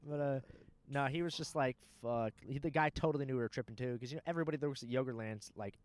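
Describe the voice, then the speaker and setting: A man's voice: medium pitch, steady tone, very fast. A young man in casual chat, telling a rambling, profane story and laughing often.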